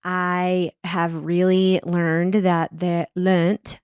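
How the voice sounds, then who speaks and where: A woman co-hosting a casual podcast chat, giggly and animated, swearing casually. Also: fairly low pitch, unhurried, no room sound, clean studio sound. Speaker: podcast co-host.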